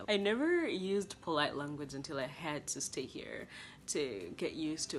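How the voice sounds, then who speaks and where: A young woman from Kenya with a Kenyan accent, a college student chatting to camera in a lively way about life abroad. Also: low voice, normal speed. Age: young adult. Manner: chatty and expressive, acting out past conversations. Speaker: international college student vlogger. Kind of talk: casual vlog talk to camera.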